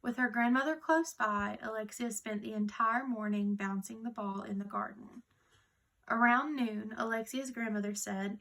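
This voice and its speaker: Woman storyteller, fairly high, gravelly voice, soft reading of a children's tale. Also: normal speed.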